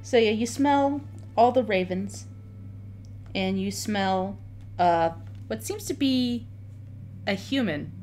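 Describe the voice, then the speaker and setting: A woman's voice: mid-range voice, takes it slowly, pauses often, a little mellow, a little hiss or hum. A woman narrating a tabletop game as dungeon master, describing scenes with occasional stumbles and repeated words.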